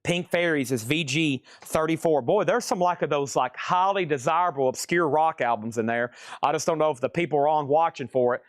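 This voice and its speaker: A slightly high male voice, recorded dry with clean studio sound, belongs to a live auction host selling records online. He calls grades and prices rapidly and jokes with viewers between lots.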